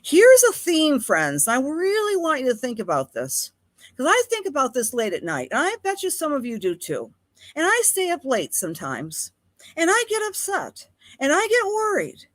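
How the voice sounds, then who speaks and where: Here the Buffalo-born astrologer host's voice is high, with huge pitch swings and a moderate pace, and there's no echo. She keeps her live-streamed astrology talk chatty and affectionate, greeting viewers by name in her Western New York accent.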